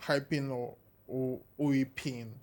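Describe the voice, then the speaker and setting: A man's voice: mid-range voice, steady tone, takes it slowly, darkish tone. A man hosting a podcast, asking curious follow-up questions. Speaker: podcast host. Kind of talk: casual podcast chat.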